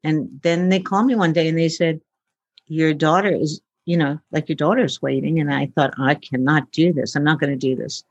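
A woman's voice: low-pitched, steady tone, moderate pace, husky, dry recording, lo-fi sound. Chatty woman telling stories, dry sound. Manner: chatty, acts out quoted dialogue, many fillers. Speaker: guest, futurist. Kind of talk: casual storytelling interview.

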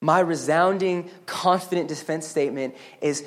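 A man preaching a sermon as pastor, earnest and emphatic, with casual asides to the congregation. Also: normal speed. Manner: earnest, emphatic preaching that rises higher and louder on exhortations; conversational asides and checks with the congregation.

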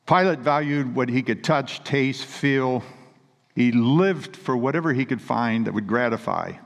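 A man's voice: mid-range voice, measured pace. A man preaching a sermon with earnest, emphatic storytelling. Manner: earnest, emphatic storytelling with read scripture quotes. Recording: long reverb of a large hall.

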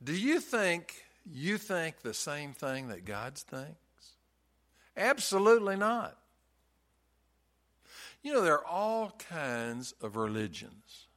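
A man's voice: fairly high pitch, big pitch swings, slow pace, a bit bright. A man preaching a sermon in a folksy storytelling way, hammering points home with emphatic repetition.

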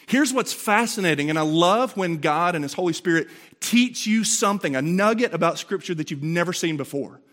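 A man's voice: high-pitched, lively intonation, brisk, few pauses, fairly bright tone. A man in his forties giving an emphatic, conversational sermon as a pastor in a church sanctuary, often checking in with rhetorical questions. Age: 40s.

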